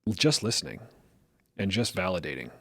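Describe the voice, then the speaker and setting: A middle-aged man on a casual podcast, talking through examples in a lively, storytelling way. His voice sits somewhat low, and the sound is close and dry, with no room echo. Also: moderate pace, slightly rough. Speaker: podcast co-host.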